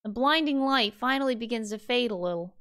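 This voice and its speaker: A woman's voice: on the high side, lively intonation, fairly quick, a bit bright, clear, resonant tone. A young woman streamer reading a game's text aloud in first person, trying an accent and laughing at herself.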